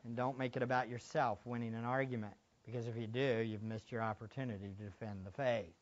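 A man preaching a sermon as pastor, dropping to quiet asides and rising to loud, emphatic preaching. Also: medium pitch, fairly even intonation, a little fast, highs cut off.

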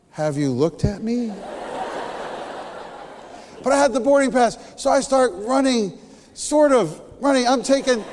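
A man preaching a sermon, telling a story with animated energy and then dropping to a hushed, near-whispered delivery. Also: extremely high pitch, in a large hall.

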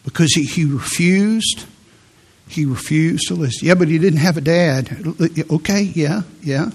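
A pastor preaches a sermon in a fairly high, breathy voice at a measured pace. He tells personal stories earnestly, then reads scripture with growing fervor.

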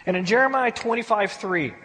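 A man's voice: high-pitched, fairly quick, pushed and bright, in a large hall. A man giving a conversational verse-by-verse Bible study, often repeating words as he thinks. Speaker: Bible teacher.

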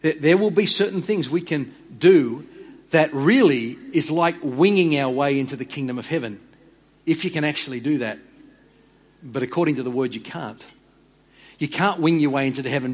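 Husky-voiced man preaching a sermon. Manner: earnest, dropping to soft emphatic lows; repeats and restarts words. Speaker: pastor.

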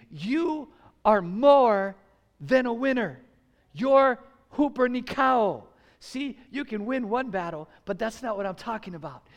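A man from the United States preaching a sermon to a congregation, animated and urging them to call back responses. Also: high-pitched, in a large hall. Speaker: pastor. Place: church sanctuary.

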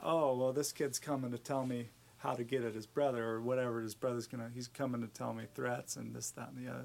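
A man retelling someone's story in a conversational, halting way, dropping his voice at the intense moments. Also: medium pitch, gravelly. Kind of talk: storytelling talk.

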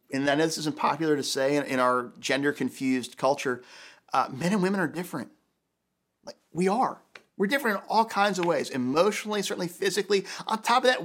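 A man's voice: a little high, a bit bright. A man preaching a sermon as pastor, emphatic and repeating key phrases for weight.

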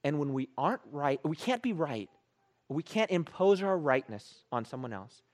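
A man preaching a sermon as a pastor, telling stories with animated, playful self-mockery. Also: on the high side, moderate pace.

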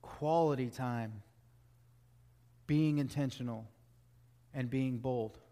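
A man's voice: medium pitch, slow, mellow. Earnest man preaching a sermon. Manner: earnest, emphatic preaching with repeated phrases.

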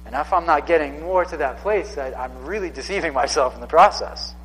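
A man's voice: fairly high pitch, fairly quick, a bit bright, long reverb tail, a little hiss or hum, rough recording. A man in his thirties preaching a sermon in a casual, conversational way, often repeating himself for emphasis. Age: 30s. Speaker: pastor.

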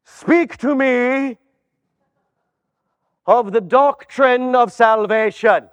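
A man voicing a brusque male gatekeeper at heaven's gates who loudly interrogates a newcomer. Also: very high voice, very slow, clear, resonant tone, long reverb tail, full character voice. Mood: interrogating. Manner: loud, incredulous, interrogating.

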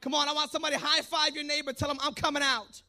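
Working the crowd with fervent call-and-response, a male preacher of Puerto Rican background shifts from soft asides to shouted exhortation. His voice is strikingly high, very bright and tense, yet also gravelly, monotone, and racing.

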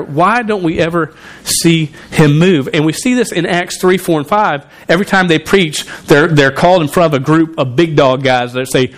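A man with a drawl preaches to a congregation, talking in a loose, conversational way. His voice sits a little high for a man. He often stumbles, repeats words and restarts his sentences. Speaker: pastor. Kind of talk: sermon.

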